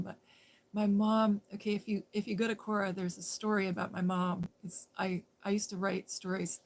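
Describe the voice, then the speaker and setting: A woman's voice: medium pitch, creaky, a little mellow. Chatty woman rambling on a livestream. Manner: rambling, self-interrupting, laughs often. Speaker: livestream host. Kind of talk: casual chat on a live stream.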